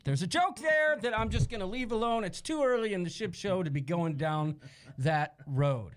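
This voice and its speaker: A Midwestern American man hosting a laid-back live stream, his voice high and bouncing all over the place. He jokes constantly and reads viewer comments aloud with plenty of expression. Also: animated, moderate pace. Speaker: co-host. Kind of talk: casual live-stream chat.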